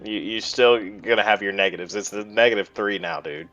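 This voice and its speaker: A man's voice: fairly low pitch, a little fast, fairly bright tone, no echo, faint music behind. A man running a tabletop game as dungeon master, laid-back and stumbling over his words. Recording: muffled lo-fi audio.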